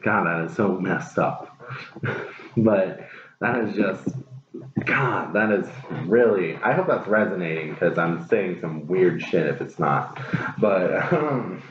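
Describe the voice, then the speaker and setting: A man with a very low voice gives a casual tarot reading, blunt and profane, hammering his points by saying them again. The sound is dull and lo-fi, in a roomy space with a clear hiss underneath. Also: animated, takes it slowly. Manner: blunt and profane, repeats phrases for emphasis. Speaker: tarot reader.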